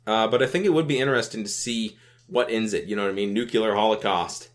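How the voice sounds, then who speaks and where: A young man hosting a gaming video talks quickly in a lowish voice about a browser game. He's rambling and laid-back, keeps adding "you know what I mean," and swears offhandedly.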